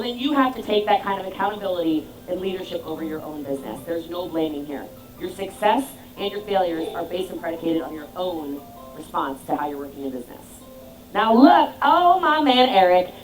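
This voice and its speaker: A woman business coach with a slightly high voice delivers an emphatic motivational speech, firing rhetorical questions at her audience. The recording is rough.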